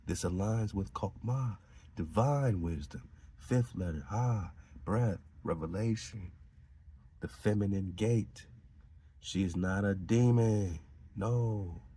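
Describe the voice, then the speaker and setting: Male podcast host, deep and husky, slow, emphatic lore riffing. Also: mellow. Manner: emphatic, preachy, laughs between lines. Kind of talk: reading aloud and riffing on esoteric lore.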